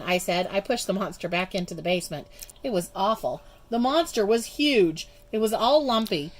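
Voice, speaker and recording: A woman reading a children's storybook aloud in an expressive, measured way. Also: mid-range voice. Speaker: storybook reader. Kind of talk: children's book read-aloud.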